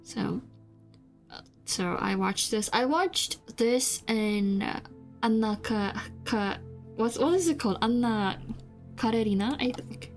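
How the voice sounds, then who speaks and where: A young woman streamer from South Korea, a VTuber whose native language is Korean, speaks at a slow pace in a voice on the high side. Her casual chat is rambling and hesitant, packed with fillers and restarts, over faint background music.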